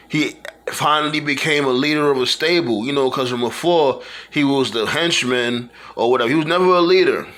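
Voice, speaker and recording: A wrestling fan vlogger gives a casual monologue tribute, his bright, medium-pitched voice rambling loosely with lots of fillers and restarts.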